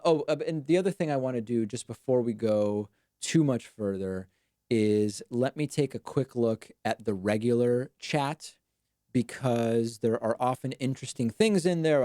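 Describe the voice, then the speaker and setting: A man's voice: medium pitch, moderate pace, dark tone, no room sound. A man hosting a live stream, giving dry, wry commentary in a casual chatty way.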